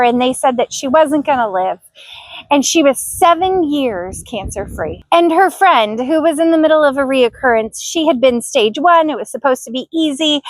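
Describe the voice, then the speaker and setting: High-voiced woman telling a heartfelt story. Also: dry recording. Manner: earnest, heartfelt, emotional at times. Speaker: vlogger. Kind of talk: personal storytelling to camera.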